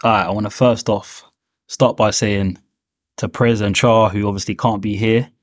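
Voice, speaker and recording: A man's voice: fairly low pitch, steady tone, normal speed, no room sound, studio quality. A man giving a rambling, upbeat football take on a podcast, peppering his talk with "man" and "to be honest". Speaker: podcast guest pundit. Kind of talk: casual football chat.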